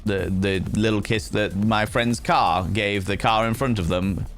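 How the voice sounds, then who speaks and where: Animated, swearing British man streaming. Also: lowish voice, measured pace, faint music behind. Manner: animated storyteller, swears freely, greets chat playfully. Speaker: livestream host. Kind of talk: casual chat with viewers.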